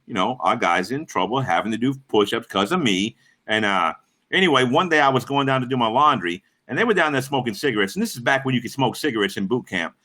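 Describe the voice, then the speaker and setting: Profane, lively man telling stories. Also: medium pitch. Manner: profane, rambling, greets chat viewers. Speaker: livestream host. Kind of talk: casual livestream storytelling.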